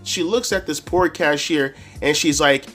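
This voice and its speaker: A man telling a casual, profane story to camera as a wrestling reviewer, animated and full of slang. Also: fairly high pitch, unhurried, faint music behind.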